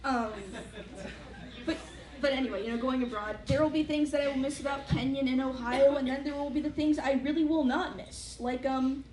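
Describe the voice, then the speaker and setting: A woman's voice: high voice, fairly even intonation, a little fast, darkish tone. A young woman doing a stand-up set before a live audience, with a wry, self-deprecating manner and many fillers. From United States. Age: young adult. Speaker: student stand-up comic. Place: large hall with a live audience. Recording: echoey hall, noisy live mic.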